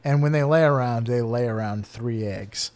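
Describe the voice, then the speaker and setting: A man's voice: medium pitch, moderate pace, a little mellow. A man co-hosting a casual podcast, reading out animal facts and joking around between them. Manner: playful, reads facts then riffs with jokes. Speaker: podcast co-host presenting bird facts. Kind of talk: casual chat.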